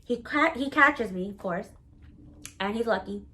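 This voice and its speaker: Storytelling woman, blunt and salty, mid-pitched voice, casual to-camera tale. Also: unhurried, poor audio. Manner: candid, blunt and profane; animated, dramatic storyteller. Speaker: storytelling vlogger.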